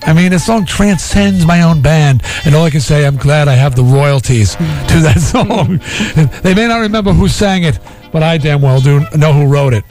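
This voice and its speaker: A male radio host reads listener emails on air and riffs on them with big theatrical energy. His voice sits a little higher than most men's. Faint music plays under the broadcast. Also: moderate pace. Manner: animated, loud and theatrical at times. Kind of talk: morning radio banter, reading listener emails.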